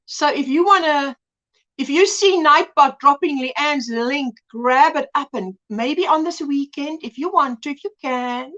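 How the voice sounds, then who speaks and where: Chatty woman hosting a live crochet stream, high and crisp, very expressive, playful with her audience. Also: a little slow, muffled recording. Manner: chatty, teasing, greets viewers by name. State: a little out of breath. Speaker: livestream host. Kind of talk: casual live chat while crocheting.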